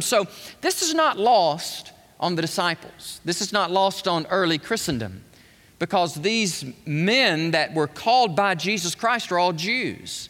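A man delivers an emphatic sermon in a high, bright voice, pressing hard on his points and throwing questions out to the congregation. Long reverb from a large hall trails behind his words. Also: lively intonation, a little slow. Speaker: preacher.

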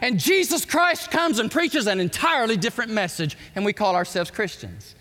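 Animated preacher man in a reverberant hall. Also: sits high. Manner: animated preaching, loud exclamations and quick drops to asides. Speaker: pastor. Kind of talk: sermon.

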